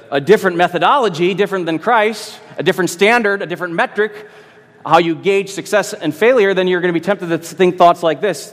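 Emphatic preaching pastor in a reverberant hall. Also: male voice, high-pitched. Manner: emphatic preaching with rhetorical questions and repetition. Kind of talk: expository sermon.

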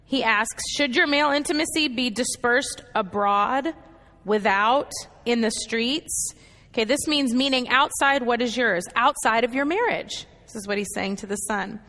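A woman leads a Bible study in a high, clear voice, working through the passage verse by verse. She keeps checking in with her listeners with quick "okay"s and "right"s. A long reverb trails after her words, as if she is speaking in a large hall. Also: pushed and bright. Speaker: Bible teacher.

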